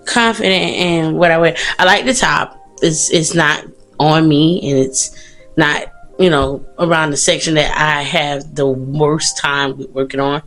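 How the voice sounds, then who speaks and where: A young woman talks into her phone at arm's length in a loose, rambling vlog chat, poking fun at herself and breaking into laughs. Her voice sits a little low for a woman, with faint music somewhere behind. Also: fairly even intonation, unhurried, fairly bright tone. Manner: chatty, rambling and self-mocking, laughs often. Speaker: vlogger. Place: bathroom and hotel, indoors.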